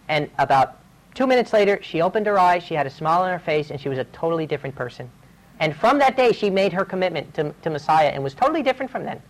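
A man's voice: a little high, poor audio. Male preacher, sermon voice, earnest storytelling, urgent delivery. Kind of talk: sermon with personal stories.

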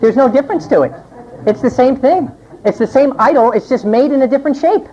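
A woman preacher delivering a sermon and reading scripture aloud, acting out quoted voices with big swings in pitch. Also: fairly quick, warm tone, breathy edge. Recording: dull lo-fi recording.

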